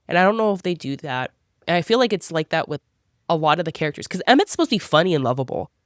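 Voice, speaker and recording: Animated woman chatting on a podcast. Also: low voice, dry recording, clean studio sound. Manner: animated, acts out characters' lines in quick voices. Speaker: podcast co-host. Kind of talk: casual book club chat.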